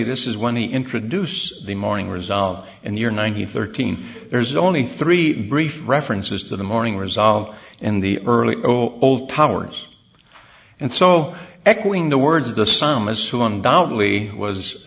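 A man giving a measured, deliberate sermon-style Bible talk from a convention platform, pausing often with fillers. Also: medium pitch, lively intonation, gravelly, a bit bright, highs cut off. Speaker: speaker at a religious convention.

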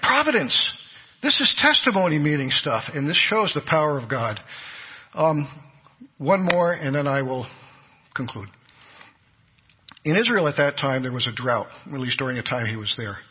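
This preacher's husky mid-range voice has lively intonation; he speaks at normal speed but pauses often, earnestly telling a story and acting out its people. Long hall reverb colors a dull recording.

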